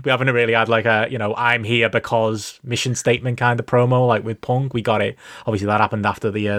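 A man's voice: mid-range voice, fairly bright tone, dry recording, clean studio sound. A man co-hosting a podcast, steering the casual chat to new topics with lots of "uh" fillers. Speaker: podcast co-host.

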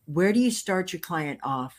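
A woman's voice: fairly low pitch, animated, moderate pace. An older woman hosting a casual interview, telling a story and laughing at her own jokes. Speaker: host.

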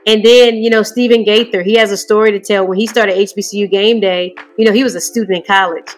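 A woman's voice: mid-range voice, steady tone, quick pace, faint music behind. Easygoing woman coach as a guest. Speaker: college coach, show guest. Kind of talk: podcast interview.

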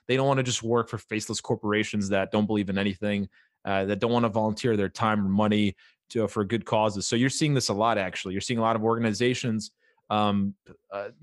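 A man's voice: medium pitch, dry recording, clean studio sound. A young man co-hosting a podcast, emphatic and fired up, swearing casually. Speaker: podcast co-host.

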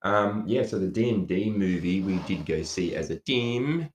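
A man's voice: low voice, expressive, moderate pace. A man co-hosting a podcast in loose, jokey casual chat with plenty of swearing. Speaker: podcast co-host. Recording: echoey room.

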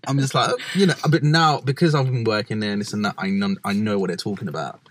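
Husky-voiced man in easy chat. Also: lowish voice, fast. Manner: animated, plays out voices of people he quotes. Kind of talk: casual chat.

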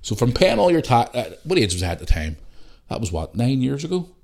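A man's voice: medium pitch, very animated, brisk, vocal fry, a little mellow. A man in his forties from the UK, hosting a podcast and telling a long personal story in a heated, profane way. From United Kingdom. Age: 40s. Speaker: podcast host. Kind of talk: casual monologue.

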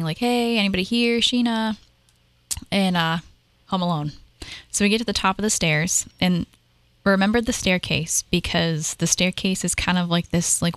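A woman in her thirties recounts ghost encounters in a chatty, animated way, rushing through stretches and padding with fillers. Her voice sits fairly low for a woman. The sound is dry and close. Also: no room sound. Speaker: paranormal investigator, guest. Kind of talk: casual storytelling conversation.

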